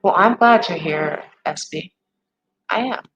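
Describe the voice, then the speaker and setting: A woman's voice: lowish voice, measured pace, a bit bright, dull audio. A woman in her forties hosting a live stream, talking candidly and ramblingly with viewers and swearing freely. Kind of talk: casual chat with viewers.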